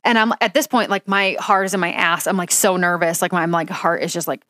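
A woman's voice: on the low side, steady tone, fast, fairly bright tone. Rambling young woman storyteller. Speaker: podcast co-host. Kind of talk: casual chat.

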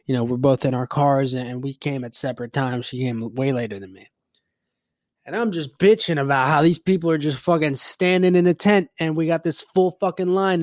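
A man's voice: medium pitch, darkish tone, no echo, clean studio sound. A man hosting his own show, rambling in a casual solo rant, swearing freely and mocking his own grumpiness. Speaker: podcast host.

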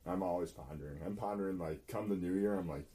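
A man's voice: low voice, quick pace, dark tone. A young man co-hosting a casual podcast, laid back and chatting in short remarks. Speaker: podcast co-host. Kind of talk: casual chat.

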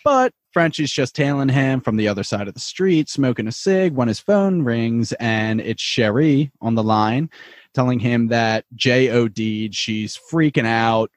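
A man's voice: medium pitch, unhurried, dry recording. A man co-hosting a podcast who retells a TV episode's plot step by step in earnest casual chat. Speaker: podcast co-host.

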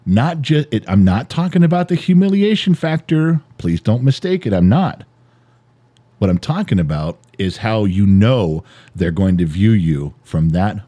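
Middle-aged dad co-host, deep warm voice, swings widely in pitch, pressing his point hard. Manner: emphatic, repetitive, swears, builds an extended metaphor. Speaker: podcast co-host, father. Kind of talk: heated personal monologue.

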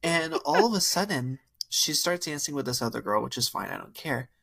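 A man's voice: on the high side, brisk, creaky, slightly rough. A young man in casual podcast chat, telling a wild dating story with lots of fillers and acted-out quotes. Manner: animated, filler-heavy, acts out quotes. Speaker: podcast co-host.

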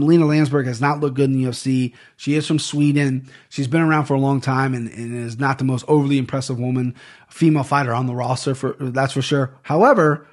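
A young man hosting a casual fight-picks podcast at a desk microphone, rambling, swearing and tripping over names. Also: mid-range voice. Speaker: sports betting podcast host.

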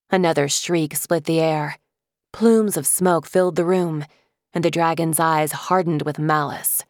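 Low-voiced woman reading a storybook. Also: steady tone, no echo, studio quality. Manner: measured, vivid storytelling. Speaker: audiobook narrator. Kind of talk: scripted narration.

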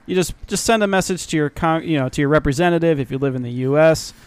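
A man hosting a casual podcast, loud and joking, sometimes mimicking a game show host. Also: on the high side, fast talker, clear, resonant tone, no room sound.

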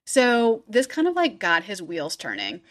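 A woman's voice: mid-range voice, wildly swooping pitch, a little slow. A woman in a casual podcast chat, telling the story loosely and full of filler words. She acts out the people she quotes and laughs along as she goes. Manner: chatty storyteller, heavy 'like', acts out quotes, laughs often. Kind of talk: casual true-crime chat.

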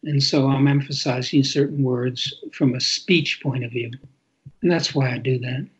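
An older man, an author being interviewed, who tells stories in an animated way and acts out quoted lines. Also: mid-range voice, normal speed, husky, highs cut off. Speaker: author guest. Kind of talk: interview conversation.

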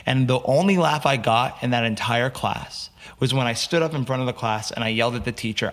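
An animated man from the United States talks as a podcast guest, telling his stories with energy and acting out what other people said. His voice sits at an ordinary middle pitch for a man. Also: brisk, hardly any pauses. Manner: animated storyteller, acts out quotes. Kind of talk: casual storytelling interview.

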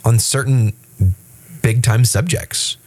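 A man's voice: medium pitch, takes it slowly. A man co-hosting a casual faith podcast, talking loosely with restarts and acting out quoted voices. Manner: animated, acts out quoted voices; frequent restarts and fillers. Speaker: podcast co-host.

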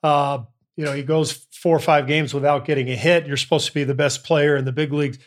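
A man's voice: on the high side, flat delivery, brisk. A man interviewing a guest, talking through a long reflective observation before asking his question. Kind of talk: conversational interview.

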